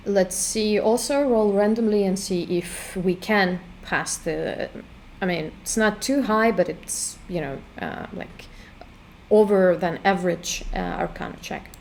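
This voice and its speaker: A woman giving casual walkthrough commentary on her own game, thinking aloud with hesitant pauses. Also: medium pitch, gravelly, a little hiss or hum. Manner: hesitant, full of fillers and restarts while thinking aloud. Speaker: game creator demonstrating her work.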